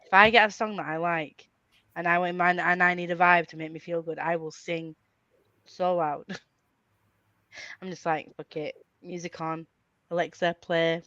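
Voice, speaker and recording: A woman's voice: on the low side, level tone, moderate pace, pauses often, fairly bright tone, no echo, dull audio. A young woman hosting a casual reading-sprint chat, laughing a lot and swearing now and then. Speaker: host.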